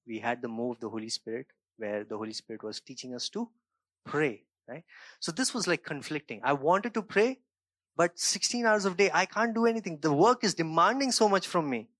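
A pastor preaches in a medium-pitched voice with no echo, alternating between quiet reflective passages and raised emphatic points while checking in with "right?" and "okay?".

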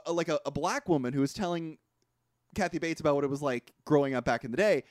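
A man co-hosting a podcast, talking through a movie review in casual chat, animated and swearing often with frequent restarts. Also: a little high, fast, no room sound, clean studio sound. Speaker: podcast co-host.

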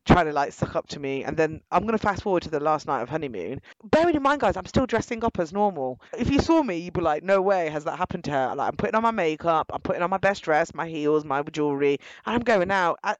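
A young woman, outspoken and animated, talking directly to her listeners in casual storytelling. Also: low-pitched, a little fast, hardly any pauses, dry recording, low-quality recording. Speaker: guest telling her story.

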